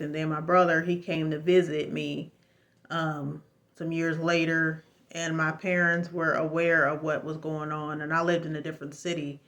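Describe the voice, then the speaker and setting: A woman telling her own story in a casual, emphatic testimony, rambling and preachy, with religious exclamations. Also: deep voice. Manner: rambling with frequent fillers and restarts. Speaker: vlogger sharing a personal story.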